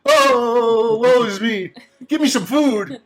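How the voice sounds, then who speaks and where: A man voicing a fussy, old, male talking stone bust that whines and pleads in a high theatrical voice. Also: slow pace. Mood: dramatic whining.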